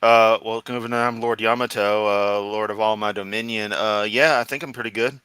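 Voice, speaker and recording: A man's voice: lowish voice, steady tone, normal speed, bright, forceful tone, smooth, no echo. A man from Memphis with a Southern accent, giving sarcastic, goofy, profane commentary on a livestream. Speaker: streamer host.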